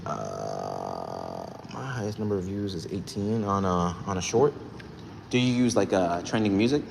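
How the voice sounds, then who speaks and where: A man's voice: on the low side, brisk. A young man livestreaming from a gym, chatting loosely with viewers, thanking them and reading their comments. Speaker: livestreamer and rapper. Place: indoor gym. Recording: echoey gym room, faint background noise.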